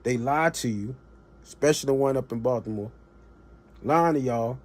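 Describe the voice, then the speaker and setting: This livestream commentator's political rant is blunt and colloquial, climbing toward impassioned emphasis as he talks into a streaming mic. His mid-range voice has a darkish tone and moves at normal speed.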